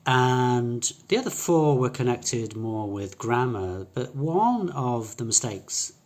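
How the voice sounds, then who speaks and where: A man with a medium-pitched, darkish, expressive voice teaches English pronunciation at a slow pace. His patient explanations include fillers and restarts, and he contrasts sounds to demonstrate them.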